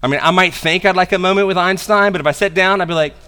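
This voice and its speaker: A man preaches a sermon in a lively, conversational way, dropping into casual slang. His voice sits a little high for a man. The sound carries the long reverb of a church hall. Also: fast, smooth. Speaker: pastor. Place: church sanctuary.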